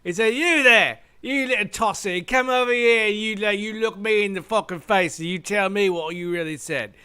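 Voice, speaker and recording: A man's voice: sits high, moderate pace, pushed and bright, clear, resonant tone. A man doing a put-on voice as a swaggering lad telling a crude pub story. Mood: indignant.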